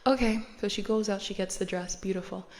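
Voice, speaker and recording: A woman's voice: medium pitch, fairly even intonation, fairly quick, a little mellow. A woman hosting a podcast who retells a story in a chatty, slangy, casual way and laughs often. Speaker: podcast host.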